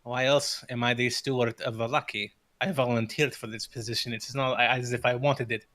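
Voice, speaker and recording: A man's voice: medium pitch, little pitch movement, brisk, a bit bright, lightly acted. A man voicing a female town steward who defends herself indignantly.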